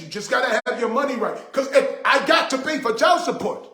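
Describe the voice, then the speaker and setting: A man's voice: very high voice, lively intonation, fairly quick, bright, forceful tone, echoey room. A man hosting a casual livestream, talking to viewers in an emphatic, repetitive, indignant way. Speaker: livestream host.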